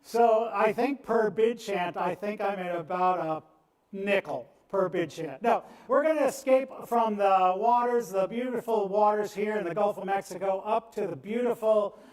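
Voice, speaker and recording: Man auctioneer, high voice, rhythmic bid chant, roomy and distant sound. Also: a little mellow. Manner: rapid rhythmic bid chant, cajoling bidders. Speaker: charity auctioneer. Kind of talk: live auction bid calling. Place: event venue on the Gulf coast. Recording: echoey room, voice from off-mic.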